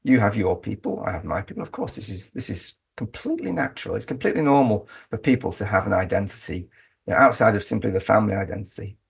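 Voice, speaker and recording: A middle-aged Englishman living in Australia, speaking as an interview guest in a halting way with many restarts. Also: on the low side, lively intonation, creaky, breathy edge. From England. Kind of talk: conversational interview.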